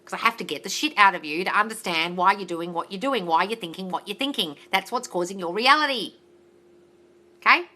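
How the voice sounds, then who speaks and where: Loud, blunt Australian woman. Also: mid-range voice, expressive, a little fast. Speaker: mindset coach hosting a live Q&A. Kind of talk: casual live-stream Q&A, reading out comments. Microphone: phone livestream.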